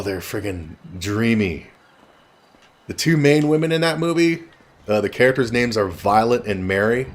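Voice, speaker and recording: A man telling a rambling personal story in a blunt, casual way with frequent swearing, while streaming a game. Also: mid-range voice. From Canada.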